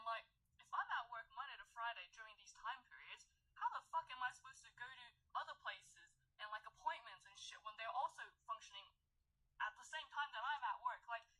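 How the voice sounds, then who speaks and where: A woman's voice: a little high, pushed and bright, rough recording. A young woman venting in an exasperated, profanity-heavy rant about work. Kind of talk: venting monologue clip.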